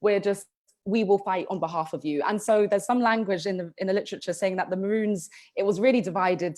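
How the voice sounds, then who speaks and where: A woman's voice: fairly low pitch, a little mellow. A woman co-hosting a history podcast, telling the story in a casual, chatty way with frequent ums and restarts. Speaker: podcast co-host.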